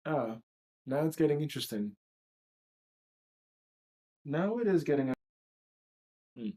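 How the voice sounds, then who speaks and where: A man's voice: a little high, expressive, takes it slowly, mellow. Blunt, profane man musing on a livestream. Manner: blunt, profane and self-reflective. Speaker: livestream host. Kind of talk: candid livestream monologue.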